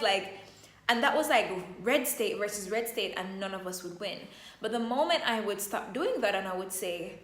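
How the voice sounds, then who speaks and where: A woman's voice: medium pitch, a bit bright. Woman giving emphatic motivational talk, echoey room. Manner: emphatic, drawn-out affirmations. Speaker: self-empowerment coach.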